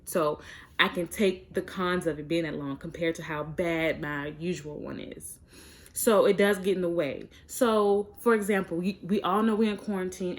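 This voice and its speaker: A young woman talking frankly and chattily to her viewers in a casual vlog, with plenty of fillers. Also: fairly low pitch. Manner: chatty and direct, many fillers. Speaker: vlogger. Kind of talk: frank casual chat to camera.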